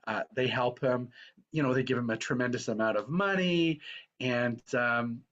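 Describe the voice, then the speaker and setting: A man's voice: medium pitch, moderate pace, a bit bright, highs cut off. A man, a spiritual teacher, giving an earnest, conversational sermon full of storytelling, meandering with frequent fillers.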